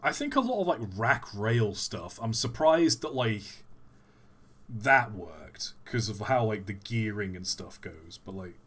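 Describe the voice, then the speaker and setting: A man hosting a casual live-stream Q&A, thinking aloud with hesitant pauses and repeated phrases. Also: fairly low pitch, big pitch swings, a bit bright, slightly rough. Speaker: livestream host.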